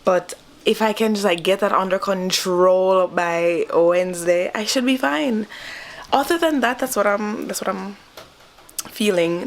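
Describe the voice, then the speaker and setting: At home beside a window, a young woman vlogs a casual sick-day diary into her own camera. Illness leaves her low, gravelly voice stuffy and a little raspy, and she vents frankly and with exasperation over a faint ambient hiss.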